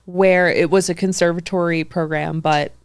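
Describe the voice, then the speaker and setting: A woman's voice: lowish voice, fairly even intonation, moderate pace, clean tone, dry recording. A woman comedian and TV writer, a podcast guest chatting casually and playing characters in her stories. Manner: playful, acts out quotes in put-on voices. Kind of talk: casual chat.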